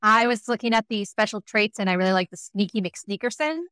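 A woman's voice: mid-range voice, fairly even intonation, fairly quick, fairly bright tone, clean tone, no echo. A woman playing in a tabletop game, chatting eagerly about her character choices. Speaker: player. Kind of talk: casual chat at a game table.

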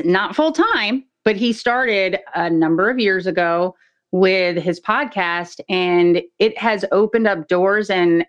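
Smooth-voiced woman hosting a podcast. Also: lowish voice, dull audio. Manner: upbeat, stumbling over words. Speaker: podcast co-host. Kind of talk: casual podcast interview.

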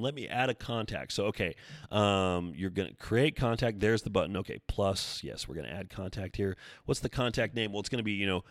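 A man with a deep, low voice hosts a solo fitness podcast, talking loosely and wandering from point to point. He jokes at his own expense. The sound is dry and close, with no room around it. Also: no room sound. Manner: rambling, joking and self-deprecating. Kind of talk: casual solo podcast chat.

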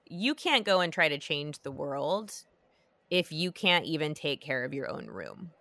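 A woman's voice: sits low, big pitch swings, unhurried, bright, forceful tone, dry recording. A woman hosting a podcast, chatting casually with lots of fillers and restarts. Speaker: podcast host. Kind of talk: casual chat.

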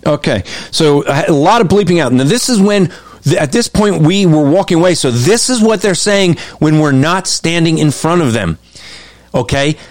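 A man's voice: on the high side, lively intonation, moderate pace. A man giving emphatic, repetitive commentary over video clips. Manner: emphatic and repetitive, restarts often.

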